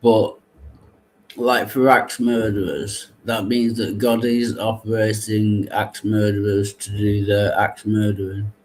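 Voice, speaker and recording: A man's voice: lowish voice, flat delivery, takes it slowly, a little hiss or hum, low-quality recording. A man in a casual Bible discussion who asks questions and agrees readily, often hesitating mid-sentence. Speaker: discussion partner asking questions.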